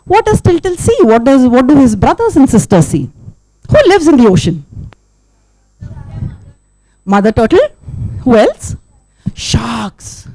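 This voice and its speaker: A woman telling a story to children at a live event, animated, full of sound effects, who keeps asking her audience questions. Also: high-pitched, unhurried, long pauses, no room sound.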